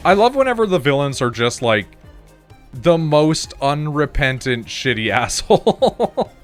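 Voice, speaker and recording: A man's voice: fairly high pitch, sing-song, measured pace. Rambling young man chatting over faint music. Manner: rambling, restarts, laughs often, swears casually. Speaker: streamer. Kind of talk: casual chat while gaming.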